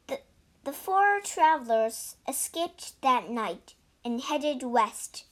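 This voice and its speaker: A woman reading a storybook aloud slowly and clearly for English learners. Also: sits high, animated, a bit bright. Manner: slow, clear, deliberate.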